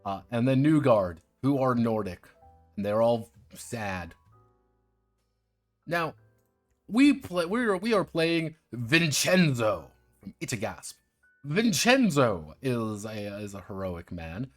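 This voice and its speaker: Slow and very animated, with long pauses, this man speaks in a mid-range voice over soft background music. He's casually streaming reviews of tabletop RPGs, sardonic and irreverent, cursing liberally while explaining the rules to viewers.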